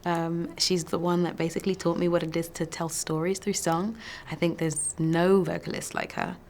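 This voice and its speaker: Soft-spoken woman actor, lowish voice. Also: flat delivery, moderate pace, a little hiss or hum. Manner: thoughtful, soft-spoken, laughs often. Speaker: actor promoting a film. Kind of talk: press junket interview.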